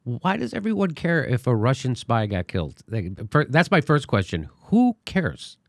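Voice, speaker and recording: A man's voice: mid-range voice, sing-song, moderate pace, vocal fry, no room sound, studio quality. A man hosting a political commentary show, talking in a sarcastic, casual, rambling way. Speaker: comedian host.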